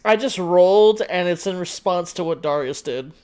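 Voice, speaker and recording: A man playing a tabletop role-playing game, excitedly describing what happens with lots of fillers. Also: high-pitched, normal speed, clear, resonant tone. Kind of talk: narrating tabletop role-play.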